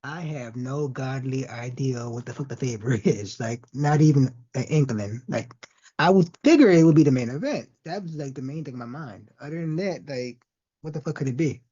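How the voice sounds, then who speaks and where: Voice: mid-range voice, moderate pace, dark tone, slightly rough. A laid-back podcast co-host in casual chat, swearing freely. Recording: muffled lo-fi audio.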